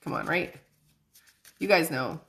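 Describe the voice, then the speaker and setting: A woman's voice: low voice, very animated, a little slow, a bit bright, a little hiss or hum. A young woman hosting a casual livestream as a psychic medium, chatty and bubbly, often laughing as she talks to viewers.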